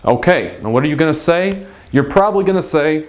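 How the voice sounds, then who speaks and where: A man's voice: mid-range voice, big pitch swings, normal speed. A man teaching a casual language lesson on video, patiently drawing out example phrases for learners to repeat.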